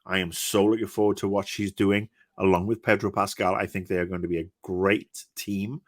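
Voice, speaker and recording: Brit in his fifties, lower register, dry close sound; rants bluntly and swears freely. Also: fairly quick, no echo. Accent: British. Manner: blunt, profane, animated ranting. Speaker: podcast co-host. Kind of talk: casual chat.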